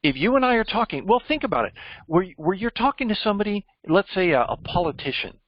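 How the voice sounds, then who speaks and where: Fairly high-voiced guy coaching interview skills, punchy and teacherly, dull dry recording. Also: big pitch swings, fast talker, dry recording. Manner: emphatic, teacherly, quizzes listeners. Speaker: cybersecurity mentor. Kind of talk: coaching discussion.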